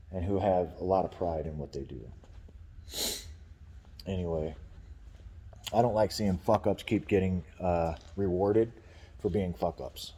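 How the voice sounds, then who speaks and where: Cast: low-voiced man, rambling, profane vlogger venting about work, casual delivery. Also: mellow, husky, in a large hall, highs cut off.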